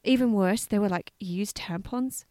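A woman co-hosting a casual chat, telling stories in an animated way, swearing freely and laughing as she goes. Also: mid-range voice, measured pace, no room sound. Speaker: podcast co-host.

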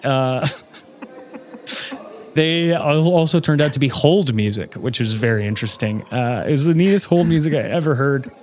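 A man's voice: mid-range voice, animated, normal speed, a little mellow. A man hosting a comedy podcast, reading a silly countdown in a mock-serious tone. His voice sits in an ordinary middle range.

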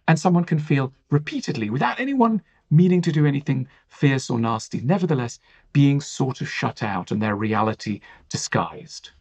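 Husky, lively-voiced reflective male guest. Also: mid-range voice. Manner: thoughtful, explanatory, frequent "you know" fillers. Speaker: author and guest. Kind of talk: reflective podcast conversation.

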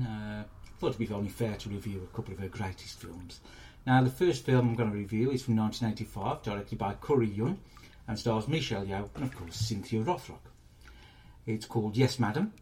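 A man's voice: on the low side, a little mellow. A man hosting a comic film club, retelling film plots in a crude, rambling, sweary way. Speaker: comedy film club host. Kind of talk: comic film review monologue.

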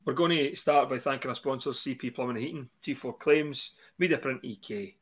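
A man hosting a casual football podcast, chatty and quick to laugh as he jokes with his guests. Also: medium pitch, breathy edge. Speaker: podcast host.

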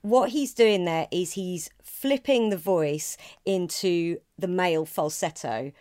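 A woman's voice: on the low side, slow. A woman who co-hosts a podcast, a singer and comedian, chatting casually about vocal technique with frequent laughter. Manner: animated, laughs often, breaks into sung demonstrations.

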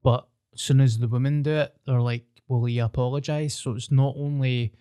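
A man's voice: mid-range voice, steady tone, moderate pace, mellow, clean tone, dry recording, studio quality. Scottish man chipping in on a podcast. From Scotland. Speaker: podcast co-host. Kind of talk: casual podcast chat.

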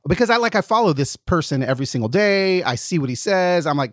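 Male podcast host, higher voice, dry close sound, animated anecdote teller. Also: fast, no room sound. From lives in Nashville, Tennessee. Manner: animated storyteller, acts out quotes. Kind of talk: casual podcast chat.

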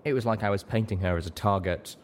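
A man reading fan fiction aloud as an audiobook narrator, steady and deliberate. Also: on the low side, slight background noise. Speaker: audiobook reader.

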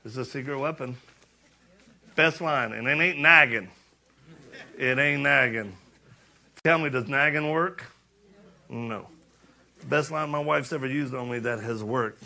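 A middle-aged man giving a sermon-style talk, joking and animated, then urgent and challenging. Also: mid-range voice, a little slow, vocal fry, long pauses. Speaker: speaker.

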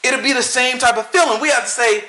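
A man talking casually about church and preaching, animated and joking, often laughing. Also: very high voice, quick pace, reverberant, low-quality recording. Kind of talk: casual opinion talk.

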